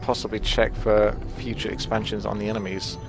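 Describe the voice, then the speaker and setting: A chatty Essex man gives casual live commentary on a game, self-mocking and jumping up in pitch when he gets excited. He talks a little fast, with music playing behind him.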